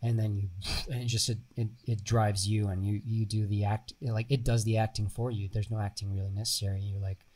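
A young Bulgarian-born man speaking with an American accent. He is an actor telling stories as a guest in a casual interview, animated and sometimes swearing. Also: fairly low pitch, fairly quick. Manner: animated storyteller, swears, laughs often. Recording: voice a bit far from mic.

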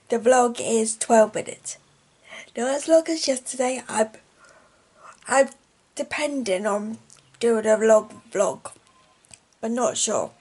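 Breathy woman vlogging slowly. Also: on the high side, a little mellow, poor audio. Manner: chatty, affectionate, rambling. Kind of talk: casual vlog chat. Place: bedroom at home. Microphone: handheld camera.

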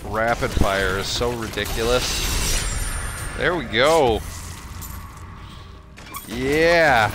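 A man's voice: mid-range voice, extremely slow, long pauses, noisy background. A man streaming a video game, trash-talking enemies and joking with profanity in casual commentary. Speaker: gameplay streamer. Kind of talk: casual let's-play commentary.

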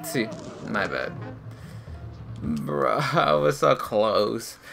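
Man, gaming commentary, excitable, mutters at the game, slow talker, faint music behind. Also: medium pitch, creaky. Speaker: gaming YouTuber. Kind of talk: let's play commentary.

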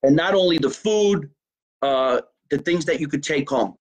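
An animated podcast host, talking in a slightly higher voice than most men. He chats casually and swears freely as he chats from a basement. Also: normal speed, poor audio. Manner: animated, profane, plugging a local deli. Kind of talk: casual live-stream chat.

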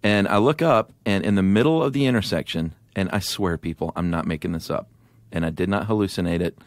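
A middle-aged man co-hosting a podcast, telling a story in a casual, animated way on a studio microphone. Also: low voice, fairly quick, no echo. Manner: animated storyteller with restarts and laughs. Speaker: podcast co-host.

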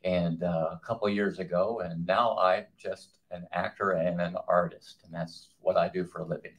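A man who now works as an actor and artist, making deadpan jokes and stumbling over his words at a Q&A. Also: deep voice, moderate pace. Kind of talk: live audience Q&A.

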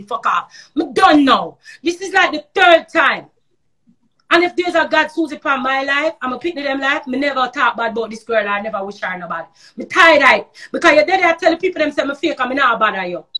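A woman's voice: high-pitched, bright, forceful tone. A woman with a Jamaican accent ranting heatedly on a live stream, firing off rhetorical questions and swearing in patois. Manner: patois slang and profanity. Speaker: social media personality.

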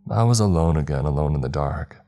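A man narrating a horror story in a measured, tense storytelling manner. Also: extremely low pitch, expressive, warm tone, soft background music.

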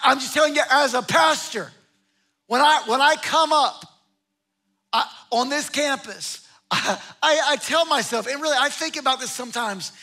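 Pastor, male, very high bright voice, emphatic sermon delivery. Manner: emphatic, with repeated phrases and restarts.

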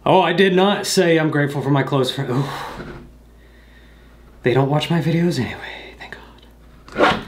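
A man's voice: a little high, moderate pace, pauses often, background noise. A man vlogging casually at home, rambling with lots of hesitant ums and jokey asides. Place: at his house.

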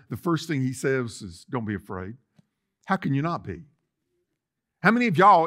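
A man preaching a sermon as lead pastor in a church, swinging from loud declarations to soft asides. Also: on the high side. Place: church sanctuary.

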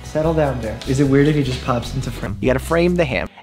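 A man's voice: medium pitch, quick pace, over music. A young man, a doctor and video host, joking around playfully in vlog clips and laughing often.

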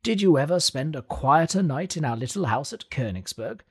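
A man voicing a confident, excitable older male professor who lectures emphatically in a storybook reading. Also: on the high side, moderate pace, gravelly, husky, pitched above the performer's own voice, full character voice. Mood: cheerful.

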